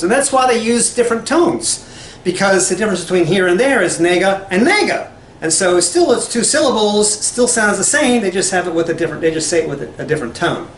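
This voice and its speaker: A man's voice: high voice, roomy sound, a little hiss or hum. A man giving a casual spoken lecture, rambling and conversational, with many fillers and restarts. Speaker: language lecturer.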